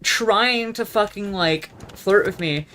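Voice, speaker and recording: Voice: mid-range voice, takes it slowly, pushed and bright. A young adult vlogger telling a story in a casual, profane, rambling rant that keeps losing its thread. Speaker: gaming vlogger.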